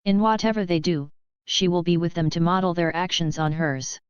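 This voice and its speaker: A woman reading devotional writings aloud in a slow, even, reverent way. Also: on the low side, smooth, no room sound. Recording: dull lo-fi recording.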